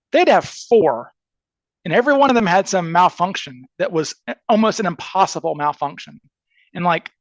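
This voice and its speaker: A man telling a story in casual podcast chat, animated and chatty, acting out the people he quotes with lots of "like" and quick restarts. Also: on the high side, dry recording, highs cut off. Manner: animated, acts out quoted people with shifting voices.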